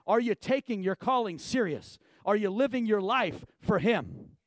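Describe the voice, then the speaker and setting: A middle-aged male pastor delivers a sermon in a notably high voice. He preaches emphatically, sinking into low, quiet stretches before rising to loud shouting. The recording is dry, with no room echo. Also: expressive, normal speed.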